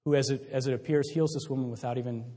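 A man's voice: medium pitch, fairly even intonation, quick pace, dark tone. A young adult man preaching a sermon in a conversational way, often restarting and adding asides. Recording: long hall reverb.

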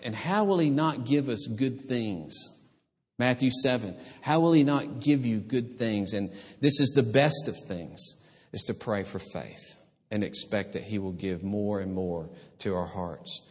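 A man preaching a sermon as a pastor, earnest and halting, with frequent restarts and fillers. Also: mid-range voice, darkish tone, slightly rough. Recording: long reverb of a hall.

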